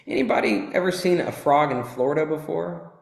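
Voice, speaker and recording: A man giving a casual, animated motivational talk to an audience, swearing and joking as he tells a fable. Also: a little high, fairly quick, gravelly. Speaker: motivational teacher. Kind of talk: live motivational talk with storytelling. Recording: echoey hall.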